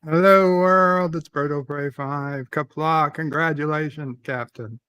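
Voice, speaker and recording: A man's voice: a little high, fairly even intonation, measured pace, bright, forceful tone, smooth, no echo, dull audio. Joking male livestream guest. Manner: joking, swears, puts on a mock Aussie accent. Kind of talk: casual livestream chat.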